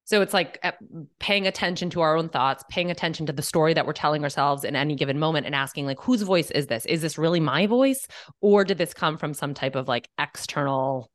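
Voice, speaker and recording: A woman's voice: low voice, a little fast, dry recording. A woman nutritionist co-hosting a podcast, talking reflectively in a casual conversation. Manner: reflective, thoughtful, frequent fillers. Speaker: nutritionist co-host.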